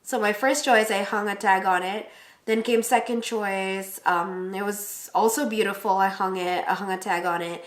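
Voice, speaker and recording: A young woman casually and animatedly recounts shopping for a wedding dress, acting out quotes in a higher voice. She talks at normal speed, and the sound is roomy.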